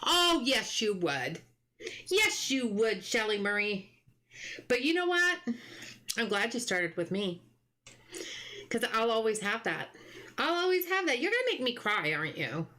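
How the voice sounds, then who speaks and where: A woman live-streaming a game in a bright, fairly high voice that swoops up and down a lot. She talks in an unhurried way, thinking aloud about the game and stopping to greet viewers by name. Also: big pitch swings. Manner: chatty, muses aloud and greets viewers from chat. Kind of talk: casual live gameplay chatter.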